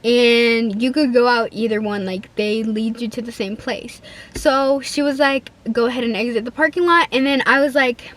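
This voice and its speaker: A woman's voice: a little high, steady tone, moderate pace, fairly bright tone. A teenage girl telling a casual, rambling storytime vlog, full of "like" and acted-out quotes. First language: Spanish-speaking home, bilingual. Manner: chatty, rambling, heavy use of "like", acts out quoted lines. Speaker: vlogger.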